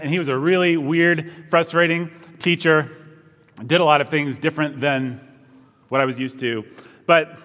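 A young man preaching as pastor in a church, praying and then telling a story in a relaxed, conversational way. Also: a little high, big-room sound. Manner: conversational, storytelling, self-deprecating asides. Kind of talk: sermon with opening prayer.

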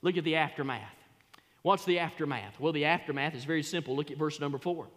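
A man preaching a sermon as pastor, emphatic, repeating his phrases and rising to loud peaks. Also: on the high side, quick pace. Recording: long reverb of a church hall.

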